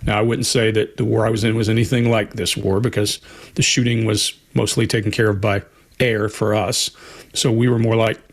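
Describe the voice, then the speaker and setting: A man's voice: lowish voice, level tone, a little fast. A man co-hosting a live Q&A on body language, speaking earnestly and repeating points for emphasis. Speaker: co-host, body language expert. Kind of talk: live Q&A chat.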